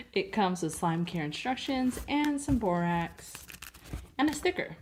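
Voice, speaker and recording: A woman's voice: mid-range voice, expressive, a little slow, a little mellow, a little hiss or hum. Chatty woman reviewing crinkly slime. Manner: chatty and gushing. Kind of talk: casual product review. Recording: slime crinkling and clicking sounds.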